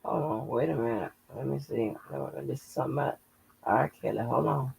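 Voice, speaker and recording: A woman's voice: a bass voice, a little fast, creaky, a little mellow, slightly rough, low-quality recording. A woman hosting her own channel, chatting casually and profanely on a livestream, laughing often as she tells stories. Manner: salty, laughing, profane storytelling. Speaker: channel host.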